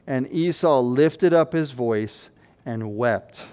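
A man preaching an expository sermon, swinging from loud, acted-out quotes to hushed asides. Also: mid-range voice, slow. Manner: acts out quoted voices.

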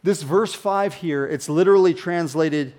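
Animated preaching man, fairly high voice. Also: a little slow. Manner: conversational, animated preaching with sudden drops to hushed emphasis. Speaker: pastor. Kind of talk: sermon.

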